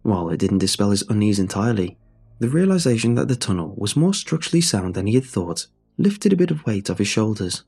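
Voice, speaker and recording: A man narrating a true horror story in a measured, suspenseful way. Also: fairly low pitch, big pitch swings, mellow, breathy edge, faint music behind.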